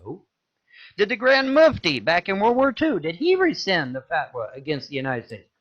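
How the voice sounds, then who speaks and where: High-voiced man ranting angrily. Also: huge pitch swings, moderate pace. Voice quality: loud, cursing, repeats himself. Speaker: ranting video creator. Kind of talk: angry profane rant. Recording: dull lo-fi audio.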